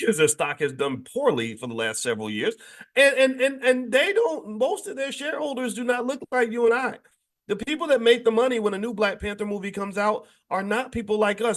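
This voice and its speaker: Animated man rambling to his audience. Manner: animated, rambling, many restarts and sudden pitch jumps; conversational, addresses the audience directly. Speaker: host of a morning finance show. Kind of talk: casual livestream commentary.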